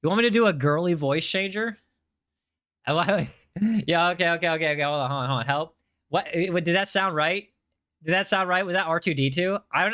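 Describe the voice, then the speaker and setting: Male game streamer, casual, talks to chat, bright forward tone, on a desk mic. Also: on the high side, clear, resonant tone. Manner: chatty, reads chat aloud, repeats himself. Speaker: game livestreamer.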